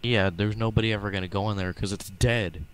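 A man's voice: lowish voice, fairly even intonation, a little fast, smooth, low-quality recording. A man in casual gaming voice chat, teasing and blunt. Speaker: gamer in voice chat.

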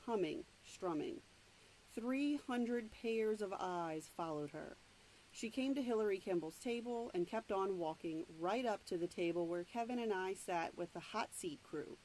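A woman's voice: medium pitch, a little mellow, a little hiss or hum, poor audio. Woman reading a novel aloud. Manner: plain, unhurried read-aloud narration with asides. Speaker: reader.

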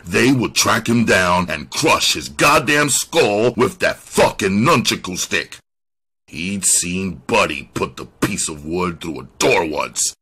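A man's voice: deep voice, pushed and bright, husky. A man reading a crime novel aloud as an audiobook narrator, telling the story expressively. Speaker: audiobook reader.

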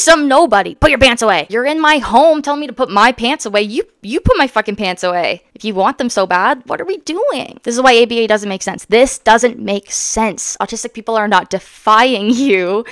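A woman's voice: a little high, a bit bright, dry recording, studio quality. A young woman from Canada giving heated, emphatic commentary as she reacts to a video, blunt and swearing freely. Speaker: autistic vlogger reacting to a therapy video.

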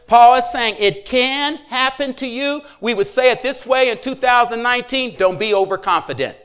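A man's voice: extremely high pitch, a little slow, few pauses, a bit bright, smooth. A middle-aged man, a pastor, preaching a conversational sermon with frequent asides to the congregation.

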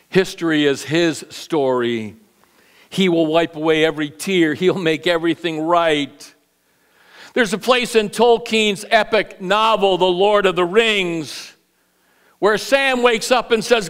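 Preaching unhurriedly in a church sanctuary, a middle-aged male pastor alternates between booming, raised passages and soft, low asides. He repeats words to drive his point home.

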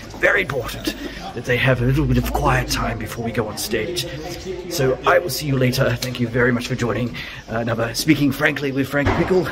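Chatty comic host with a gravelly voice. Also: male voice, mid-range voice, brisk, music in the background, low-quality recording. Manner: chatty, teasing interviewer. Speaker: host of backstage webisodes. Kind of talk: playful backstage vlog hosting. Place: theatre backstage and dressing rooms.

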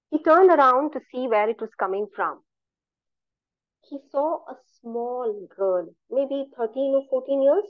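A woman storyteller narrates in a measured, expressive manner, pausing for effect. Her voice sits fairly high, and the audio is dry and thin, like a phone line on a video call. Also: dry recording. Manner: measured, expressive, with dramatic pauses.

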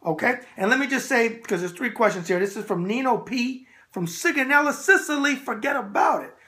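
Brash New man, animated. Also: very high voice, a little fast. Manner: brash, animated, repeating a catchphrase. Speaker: boxing show host answering viewer mail. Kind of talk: casual solo video mailbag.

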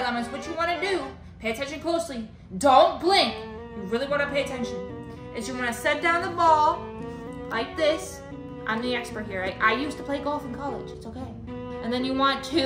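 A young woman vlogging, playfully talking to her toy llamas and cheering them on in a bubbly, animated way. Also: high voice. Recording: echoey room with music behind.

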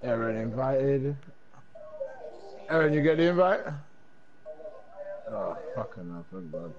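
A man's voice: mid-range voice, very animated, slow, muffled recording, slight background noise. A young man chatting casually while gaming, joking and hyping up the team.

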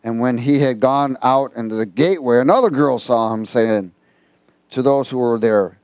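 A man's voice: medium pitch, normal speed, a little mellow, dry recording. Conversational man preaching in a dry room. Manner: conversational, quizzes congregation. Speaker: pastor. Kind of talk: sermon.

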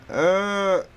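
A man's voice: high-pitched, clear, resonant tone. Chatty man thinking aloud over a game. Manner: thinks aloud, chatty, laughs often, voice and accent shift. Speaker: streamer. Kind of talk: casual gameplay commentary. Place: hot bedroom.

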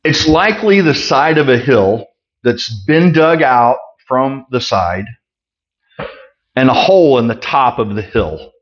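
A man teaching a sermon on a Bible passage, reading scripture aloud and explaining it in a plain, conversational way with emphatic asides. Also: medium pitch. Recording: muffled lo-fi recording.

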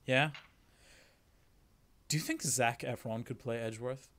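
A man hosting a relaxed game stream, trading jokes with his co-player. His voice sits at a mid pitch and often sinks into soft, muttered asides. The delivery is loose and conversational. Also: unhurried. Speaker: streamer host. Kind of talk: casual stream banter.

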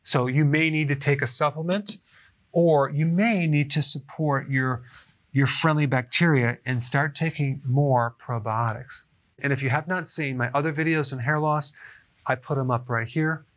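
A man's voice: a little high, steady tone, moderate pace. A middle-aged man giving a casual health explainer to camera, chatty and often checking in with "okay?". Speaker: health educator.

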